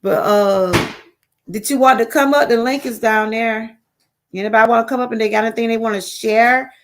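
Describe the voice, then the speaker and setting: Livestream host, middle-aged Southern woman, slightly high voice, loose rambling talk that circles back to its point. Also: steady tone, moderate pace. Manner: rambling, repetitive, addresses viewers as y'all. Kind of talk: casual live-stream chat.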